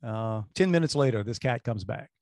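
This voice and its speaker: A man's voice: medium pitch, normal speed, no echo. Guy rambling through an airport story, dry close mic, lots of restarts. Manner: rambling, animated anecdotes with restarts. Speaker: radio show co-host. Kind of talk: casual storytelling chat.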